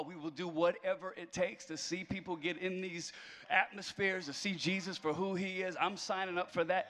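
A man's voice: a little high, sharp tone, in a large hall. A man preaching a conversational sermon as a pastor, mixing self-deprecating humor into his message.

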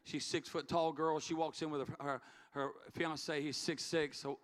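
A man's voice: a little high, level tone, moderate pace. A middle-aged man, a pastor, telling a story in an earnest sermon, repeating key words for emphasis. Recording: long hall reverb, faint music. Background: faint music.

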